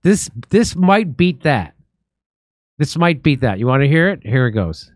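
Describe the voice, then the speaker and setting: A male comedian hosting a casual comedic chat, riffing in an animated way and laughing often. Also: fairly high pitch, a little slow, no room sound, studio quality. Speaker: host, comedian.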